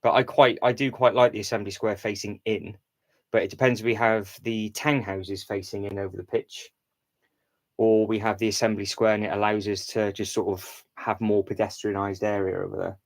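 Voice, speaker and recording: A man's voice: lowish voice, level tone, normal speed, poor audio. A man hosting a casual livestream, thinking aloud while rearranging a build, rambling with restarts and fillers. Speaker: livestream host. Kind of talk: casual live-stream chat while building.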